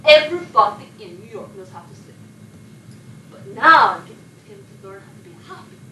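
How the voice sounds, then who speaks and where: An actress playing a sleepless Polish émigré actress who rambles and confides, with a Polish accent, recorded from a distance in an echoey room with noise behind. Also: female voice, on the high side, lively intonation, moderate pace, bright, forceful tone. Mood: chatty. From Poland. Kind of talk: film monologue.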